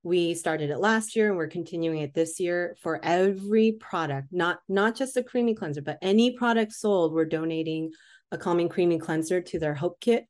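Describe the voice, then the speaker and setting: A woman's voice: fairly low pitch, moderate pace, darkish tone. A woman guest who founded a skincare company, explaining her program in an earnest, plain way. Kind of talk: interview answers.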